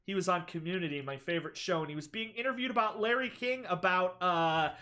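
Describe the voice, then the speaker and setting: A live streamer giving casual reaction commentary, excitable, gushing loudly and then trailing off into mumbles. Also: medium pitch, fast. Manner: excitable, swings between loud gushing and mumbling. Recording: clear music under the voice. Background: background music.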